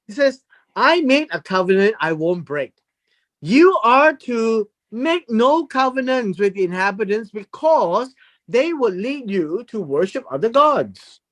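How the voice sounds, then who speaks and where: A Bible teacher giving a verse-by-verse lesson, explaining word meanings deliberately and emphatically, often repeating phrases. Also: medium pitch, a bit bright.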